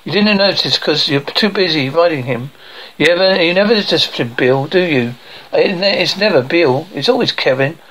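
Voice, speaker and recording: A man voicing a worn-out, reproachful cartoon housewife who scolds her husband. The voice is only lightly changed and sits a little high. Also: expressive, moderate pace, a bit bright, rough recording. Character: exasperated middle-aged wife and mother.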